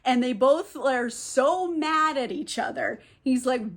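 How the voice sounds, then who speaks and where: Talk as a high-voiced woman recapping a novel casually, chatty, sprinkling "like". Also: animated, slow, few pauses, fairly bright tone. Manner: chatty, fillers of "like", laughs often. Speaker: book reviewer.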